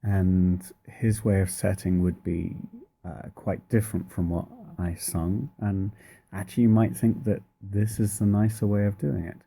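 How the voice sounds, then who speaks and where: Man, church music teacher, husky and gravelly, halting explanatory delivery. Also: fairly low pitch, flat delivery, warm tone. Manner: thoughtful, hesitant, many pauses and fillers. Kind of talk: informal spoken lesson on chant.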